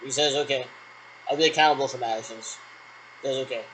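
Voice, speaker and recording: A man's voice: medium pitch, steady tone, fast, fairly bright tone, a little hiss or hum, poor audio. A man in a rambling solo monologue who repeats himself and answers his own questions.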